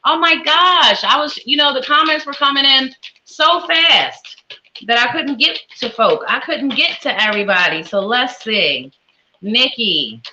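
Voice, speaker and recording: A woman hosts a live tarot reading stream in a very bright, sharp voice. She talks in an upbeat sing-song, greeting viewers one after another. Her pitch sits a little high for a woman. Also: dull audio, slight background noise. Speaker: psychic and tarot reader hosting a live stream. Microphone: webcam with ring light.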